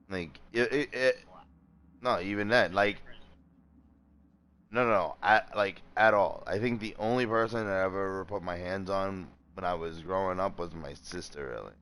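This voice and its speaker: A man's voice: deep voice, normal speed, clear, resonant tone. Man telling a rambling profane story. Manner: animated, voices quoted people. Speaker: gaming streamer. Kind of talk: casual storytelling.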